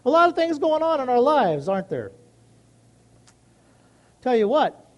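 High-voiced man in folksy faith talk. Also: very animated, measured pace, a little mellow, dull audio. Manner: earnest, rambling, folksy storytelling with many asides. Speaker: Christian speaker sharing a personal story. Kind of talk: casual devotional talk.

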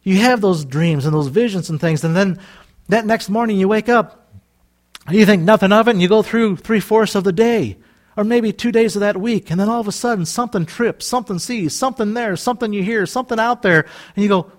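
Casting: male preacher, high voice, animated delivery, plays out dialogue mid-sermon. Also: a little fast. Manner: animated, acts out quoted voices, laughs often. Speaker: pastor.

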